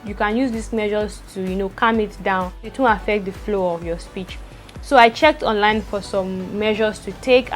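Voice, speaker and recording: A young woman vlogger, talking fast to the camera, stuttering and repeating words as she goes. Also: mid-range voice. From Nigeria. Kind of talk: personal talk to camera.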